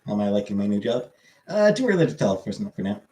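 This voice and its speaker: A man chatting casually as a streamer, answering viewer comments in a halting, rambling way with lots of fillers. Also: lowish voice, big pitch swings, mellow, reverberant, poor audio.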